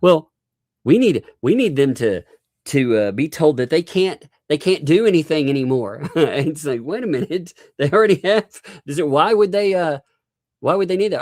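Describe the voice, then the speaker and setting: A man's voice: fairly high pitch, big pitch swings, normal speed, a little mellow, no echo, studio quality. A man hosting a casual livestream, reading court filings aloud with sarcastic asides and laughs.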